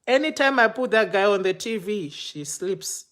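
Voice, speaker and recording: A man's voice: high-pitched, lively intonation, measured pace, fairly bright tone. A man, a pastor, telling a personal story on a livestream, acting out the quoted exchanges with animation. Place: home, speaking to a phone for a live video. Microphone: phone microphone.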